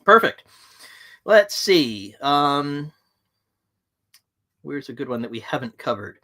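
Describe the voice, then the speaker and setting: A man's voice: on the high side, big pitch swings, takes it slowly, pushed and bright. A man presenting a live webinar, speaking frankly and directly to his audience. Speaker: livestream presenter on management.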